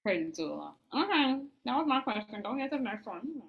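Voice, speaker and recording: A woman hosting a casual video-call talk, teasing her guest with quick asides. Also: a little high, sing-song, creaky, husky, muffled recording.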